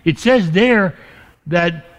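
A man preaching a sermon as pastor, stretching key words slowly and dropping his voice low for emphasis. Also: expressive, a bit bright. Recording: dull lo-fi recording.

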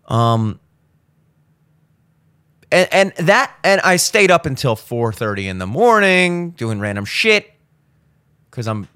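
Hungover young male podcast host, mid-pitch, profane ranter, dry close sound. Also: sing-song, slow, pauses often, clear, resonant tone, dry recording. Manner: profane, ranting, swings into loud exasperated outbursts. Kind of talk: casual monologue.

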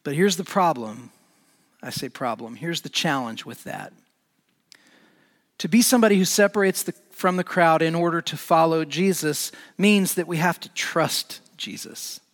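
A male pastor delivers a sermon in a slightly high voice, animated and building to emphatic peaks. His words ring out with a long reverb, as in a large hall. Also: moderate pace.

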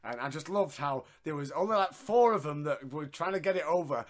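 A fairly high-voiced man talks through a wrestling match in casual podcast chat. He laughs often, swears freely and acts out lines as he goes. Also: animated, brisk. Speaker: podcast co-host.

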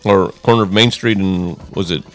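A man co-hosting a casual podcast who jokes and chimes in with quick asides. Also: low-pitched. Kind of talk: casual chat.

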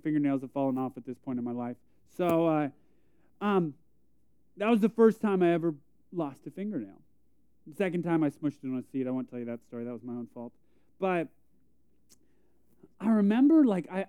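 A man's voice: sits high, warm tone, smooth, dry recording. A young man preaching a conversational sermon, telling self-deprecating stories and acting out quotes. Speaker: pastor. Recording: tinny phone-like sound.

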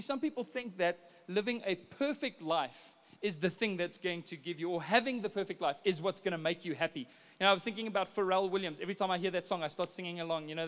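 A man preaches in a loose, storytelling way, circling back and restarting his sentences as he goes. His voice sits high for a man. The sound carries the long reverb of a large church hall. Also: a bit bright. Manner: chatty storytelling with frequent restarts. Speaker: pastor. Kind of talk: conversational sermon.

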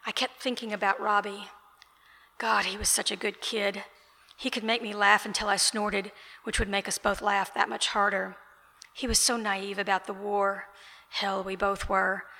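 A woman author reads her novel aloud in a steady, even voice. The voice is bright and gravelly, with very little rise and fall. The sound carries a long hall echo. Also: medium pitch, normal speed. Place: author event, indoors. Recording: reverberant event room.

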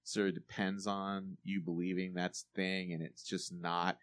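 A man in a loose podcast chat about movies. His voice is on the low side, and he rambles with plenty of fillers. He swears casually. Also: level tone, unhurried, fairly bright tone, no room sound. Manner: rambling, filler-heavy, profane.

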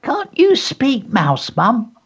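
Eager little boy, high and squeaky, as read by a man, storybook. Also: wildly swooping pitch, slow, breathy edge, dull audio, exaggerated voice. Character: small earnest boy who thinks he talks mouse.

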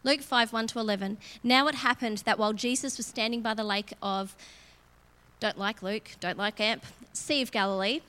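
A middle-aged woman preaching in a relaxed, chatty way, her voice sitting fairly high. She reads scripture and then talks it through with growing emphasis, like she's speaking to friends. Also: normal speed. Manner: chatty and expressive, building emphasis as she goes. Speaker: church speaker. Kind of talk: conversational sermon with Bible reading.

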